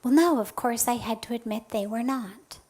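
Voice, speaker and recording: This is a spiritual talk in which a female teacher tells a story from her own life at a slow, thoughtful pace. Her voice sits on the high side, repeatedly fading into a soft, breathy near-whisper and then swelling with emphasis on key words.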